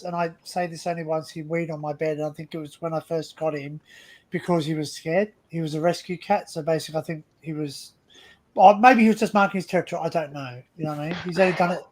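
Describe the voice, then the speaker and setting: High-voiced chatty Australian man. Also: fairly even intonation, brisk. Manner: chatty, laughing, repeats himself. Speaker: livestream host. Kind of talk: casual chat.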